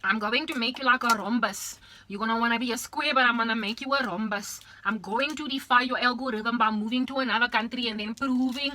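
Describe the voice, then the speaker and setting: A young South African woman with a bright, sharp voice rants straight into the camera in her South African accent. She talks fast and pitched high, exaggerated and repetitive, dropping into Afrikaans now and then. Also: slight background noise. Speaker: vlogger. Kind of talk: ranting monologue to camera.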